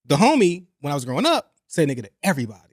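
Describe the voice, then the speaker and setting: Young male podcast host, high-pitched, animated and blunt, dry close mic. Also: rapid-fire, no echo. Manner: animated, profane, repeats himself for emphasis. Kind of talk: casual chat.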